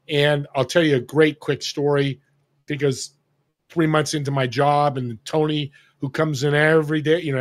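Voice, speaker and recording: Animated older man telling stories. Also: fairly high pitch. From Northern California. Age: 60s. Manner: animated, acts out quoted dialogue. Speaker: guest. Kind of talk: casual storytelling.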